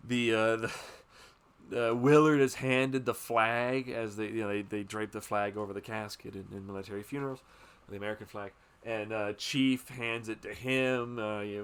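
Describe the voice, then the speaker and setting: A man hosting a podcast, chatting casually about a film in a rambling way, with plenty of fillers, swearing and quick asides. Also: lowish voice, fairly even intonation, clean tone. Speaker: podcast host.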